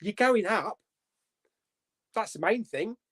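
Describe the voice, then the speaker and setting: A man's voice: high-pitched, expressive, slow, a bit bright, husky. A young man casually hosting a live movie chat stream, reading out viewer comments, joking and laughing often. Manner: chatty, laughs often, jokey.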